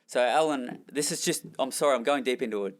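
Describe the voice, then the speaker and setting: A man's voice: mid-range voice, fast. Australian man telling stories candidly. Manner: rambling, self-deprecating, chuckles while telling stories. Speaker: former jockey and trainer, guest. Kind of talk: candid storytelling in a podcast interview.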